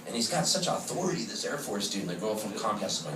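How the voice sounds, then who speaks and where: A touring singer-songwriter man telling a comic story on stage in an animated, quick-witted way, recorded live in a club with a distant mic. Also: lowish voice, background noise. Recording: echoey live room, distant mic, loud guitar.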